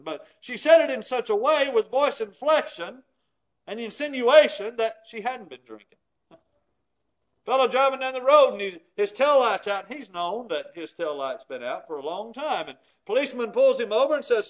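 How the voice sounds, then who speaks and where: A man preaching with a strikingly high voice. He tells stories and slips into the voices of the people he quotes. Often his volume falls away to a near hush for emphasis. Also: big pitch swings, moderate pace. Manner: storytelling, acts out quoted voices, dramatic drops in volume. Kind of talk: sermon.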